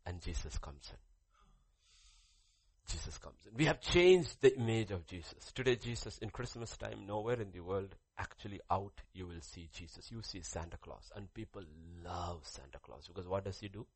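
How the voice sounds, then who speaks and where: A male pastor delivers a sermon in a gravelly, husky voice. His pitch swings widely as he stresses and repeats key phrases and puts questions to the congregation. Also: animated, normal speed, no room sound.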